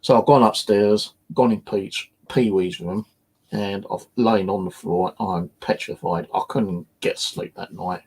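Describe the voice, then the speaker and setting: A man's voice: low voice, fairly even intonation, a little slow, husky. A man telling his own ghost story in a casual, rambling way, with many fillers and swearing. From England. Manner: rambling, full of "you know" fillers and swearing. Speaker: paranormal investigator and channel host. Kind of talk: casual first-person storytelling.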